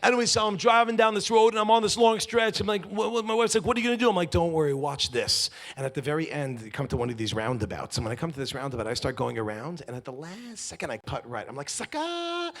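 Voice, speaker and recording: A man's voice: medium pitch, lively intonation, fast, creaky, hardly any pauses. A man from New York giving a comedic motivational talk, telling stories with jokes and acted-out quotes. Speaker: speaker.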